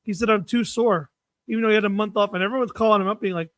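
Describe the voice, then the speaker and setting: A man's voice: sits high, steady tone, racing, no room sound. A young man co-hosting a casual sports talk stream, joking and teasing his co-host. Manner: joking, teasing, shouts to others off-mic.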